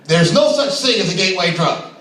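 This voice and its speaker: Brash, crude male open mic comic, high lively voice; far-off mic, very echoey room. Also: brisk. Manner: crude, brash, laughs at his own jokes. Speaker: stand-up comedian. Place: comedy club stage.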